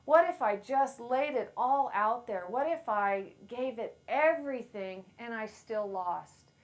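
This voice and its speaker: A middle-aged woman with a fairly high voice gives a motivational talk to a live audience, holding a handheld mic. She talks in a playful, self-deprecating way and tells stories about herself. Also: animated, a little slow. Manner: playful, self-deprecating storyteller who acts out quotes loudly. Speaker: speaker at a women's event.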